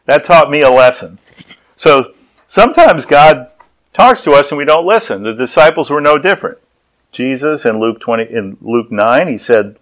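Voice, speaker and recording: A man's voice: mid-range voice, expressive, normal speed, a bit bright, poor audio. A man preaching a sermon as pastor, telling personal stories and acting out the people in them. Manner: storytelling, acts out voices.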